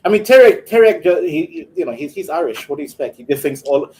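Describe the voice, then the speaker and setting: A jokey man with a slightly higher voice that swoops and bounces as he talks. He laughs often and trips over his restarts. Faint noise sits under the recording. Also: sing-song, quick pace, mellow, rough recording. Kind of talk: casual chat.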